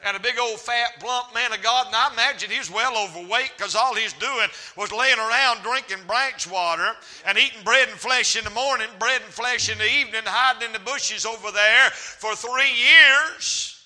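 A man preaching a revival sermon, folksy and storytelling, swinging from shouts to hushed asides. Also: extremely high pitch, moderate pace, hardly any pauses. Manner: shouting then dropping to a hush, folksy storytelling. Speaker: evangelist preacher. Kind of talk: revival sermon with acted-out Bible stories.

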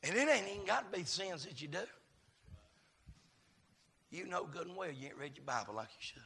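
A man preaching a sermon, swinging from quiet murmurs to shouted, chanted climaxes. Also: fairly high pitch, expressive, a little fast, vocal fry, slightly rough.

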